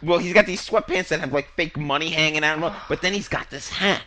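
A man's voice: on the high side, fast, sharp tone. A man co-hosting a comedy podcast, ranting in a fired-up, profane way. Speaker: podcast co-host.

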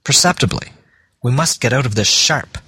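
A man voicing an impulsive, boyish Victorian gentleman who talks in excitable outbursts in an audiobook reading. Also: mid-range voice, normal speed, breathy edge, no echo. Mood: alarmed.

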